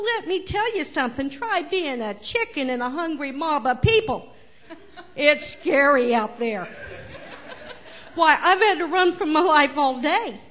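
A woman's voice: extremely high pitch, fairly bright tone, pitched above the performer's own voice. A woman voicing a frightened, fussy hen who complains frantically in a children's story.

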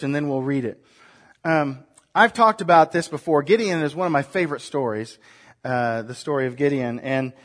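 A male preacher gives a sermon in a relaxed, conversational manner. He often checks in with his listeners by asking them questions. His voice sits a bit higher than most men's. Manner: conversational, asks the congregation questions.

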